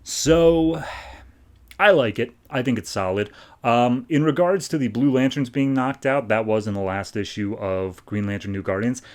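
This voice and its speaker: A man's voice: mid-range voice, moderate pace, darkish tone. A man hosting a podcast, recapping and reviewing comics in loose, chatty talk full of "like". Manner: loose, filler-heavy talk with frequent "like". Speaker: podcast host.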